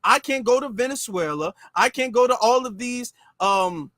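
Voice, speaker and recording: A man's voice: very high-pitched, animated, moderate pace, pushed and bright, no room sound, studio quality. An American man hosting a commentary channel, ranting in an emphatic, repetitive, indignant way. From United States.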